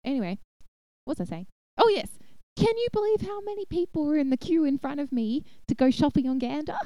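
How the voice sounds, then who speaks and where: A woman's voice: high voice, animated, a little fast, mellow, dry recording. A young woman co-hosting a podcast, chatting casually with lots of giggles and "like". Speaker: podcast co-host.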